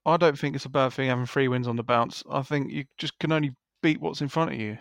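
A man's voice: mid-range voice, fast talker, vocal fry, no room sound. Man hosting a podcast. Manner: steers the show, laughs along. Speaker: podcast host. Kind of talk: casual chat, hosting.

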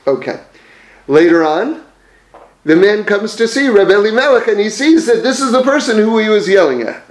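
A man's voice: high-pitched, expressive, moderate pace, echoey room. A man telling religious teaching stories in a conversational way, with frequent fillers and self-corrections. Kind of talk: storytelling religious lesson.

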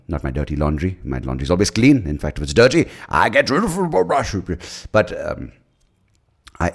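Deep, gravelly Indian man rambling. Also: darkish tone. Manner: rambling and self-mocking, swears often, laughs at himself. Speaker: podcast host and stand-up comedian. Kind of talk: casual solo podcast monologue.

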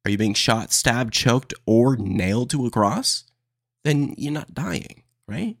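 A man hosting his own podcast, ranting in a casual, animated way and calling listeners "dude" and "man". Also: mid-range voice, slow, gravelly, dry recording, clean studio sound. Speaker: podcast host. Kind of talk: solo casual podcast rant.

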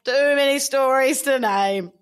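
A woman's voice: high voice, unhurried, clean tone. A woman co-hosting a podcast, teasing and chatty. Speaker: podcast co-host. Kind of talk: casual banter.

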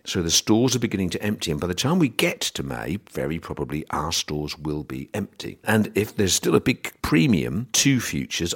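A man's voice: deep voice, slightly rough. A middle-aged man, hosting a podcast and casually explaining grain trading, with wry asides and quoted voices. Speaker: podcast host.

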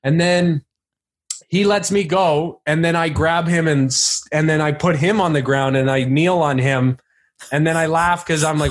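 Animated laughing man telling a story. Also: high voice, normal speed. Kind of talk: casual storytelling chat.

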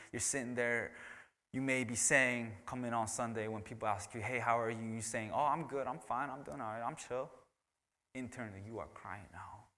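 Guy preaching in church, lowish voice, punchy, big echoey hall. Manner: shifts between loud emphatic preaching and hushed whispers. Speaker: pastor. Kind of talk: sermon. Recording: long hall reverb.

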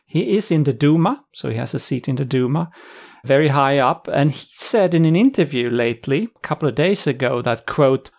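A man's voice: medium pitch, animated, brisk, gravelly, darkish tone. A man co-hosting a podcast, talking casually and wryly as he walks through news and sources. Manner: conversational, wry, reads out sources and quotes. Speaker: podcast co-host.

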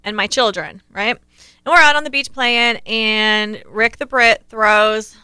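An American woman in her thirties, co-hosting a casual podcast chat and telling an animated story with frequent laughs. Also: on the high side, slow, clear, resonant tone, dry recording. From United States. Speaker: co-host.

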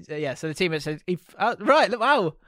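A man's voice: high voice, lively intonation, normal speed, bright, forceful tone, no room sound, studio quality. A man co-hosting a comedy podcast, rambling and laughing through casual chat. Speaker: podcast co-host.

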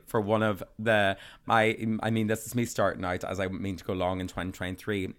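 A man's voice: on the low side, fairly bright tone. A man co-hosting a podcast, chatting in a camp, playful, joking way. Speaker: podcast co-host. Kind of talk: casual chat.

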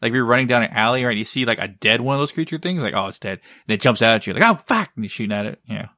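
Talking very fast, this male podcast co-host has a medium-pitched, bright, forceful voice. He rambles through casual chat, constantly saying "like" and "right?" and cursing occasionally, and the studio sound is clean with no echo.

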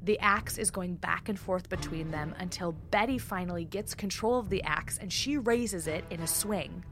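A woman's voice: fairly low pitch, normal speed, a bit bright, a little hiss or hum. A woman co-hosting a podcast, steadily retelling a true-crime case step by step. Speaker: podcast co-host.

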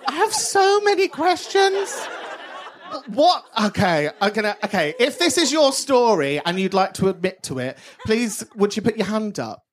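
A man's voice: sits high, sing-song, normal speed, hardly any pauses, a faint crowd. A man hosting a live podcast show in front of an audience, bantering, swearing and laughing often. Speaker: podcast host.

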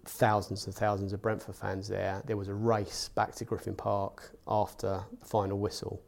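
A man with a very deep, gravelly voice looks back on a big match. He speaks in a flat, even tone, steady and measured, pausing between thoughts. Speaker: football fan interviewee. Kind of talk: reflective recollection.

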